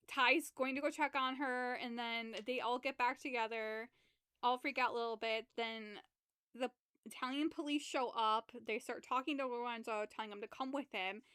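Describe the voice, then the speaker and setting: A woman's voice: high voice, a bit bright, smooth, dry recording, studio quality. A woman co-hosting a podcast, casually retelling a book's plot, rambling, swearing freely and acting out the characters' lines. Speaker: podcast co-host. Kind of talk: casual book recap chat.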